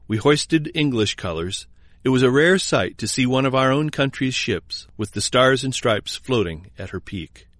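A man narrating a historical memoir in a measured, formal reading. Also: mid-range voice, a bit bright, no echo, clean studio sound.

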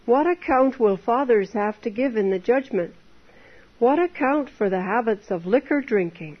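A woman's voice: fairly high pitch, lively intonation, normal speed, husky. A woman preaching an earnest temperance sermon, exhorting her listeners with many rhetorical questions. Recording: dull lo-fi recording.

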